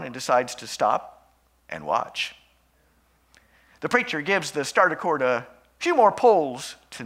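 A man's voice: medium pitch, a bit bright. A male pastor preaching an emphatic sermon, telling stories to make his point.

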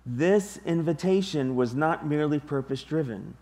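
A man preaching a sermon to his congregation, deliberate and emphatic, with long pauses. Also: on the high side, a little mellow. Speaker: pastor.

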